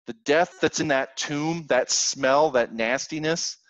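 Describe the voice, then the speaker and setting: A man's voice: fairly high pitch, slow, fairly bright tone, no room sound, rough recording. Earnest man preaching a sermon. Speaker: pastor. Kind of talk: sermon with scripture reading.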